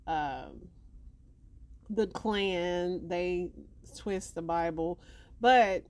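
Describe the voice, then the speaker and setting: A woman hosting a podcast, musing aloud in loose, halting casual commentary. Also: fairly low pitch, darkish tone, no echo. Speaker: podcast host.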